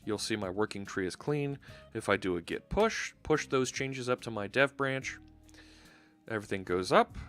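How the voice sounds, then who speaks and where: A man's voice: lowish voice, fairly bright tone. A man streaming a live coding session, chatting casually and thinking aloud with fillers as he works.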